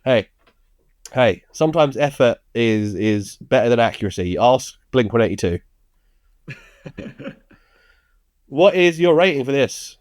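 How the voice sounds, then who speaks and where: A man's voice: medium pitch, lively intonation, takes it slowly, pauses often, a little mellow, no echo. A male podcast co-host chats casually and teases his partner. His voice sits in a middle range. The mic sound is dry and close. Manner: jokey, teasing.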